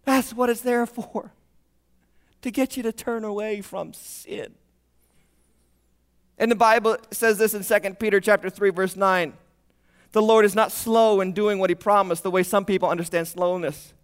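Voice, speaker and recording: A man preaching a sermon, animated and jokey, acting out voices and alarm-clock beeps. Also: high voice, normal speed, long pauses, smooth. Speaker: pastor.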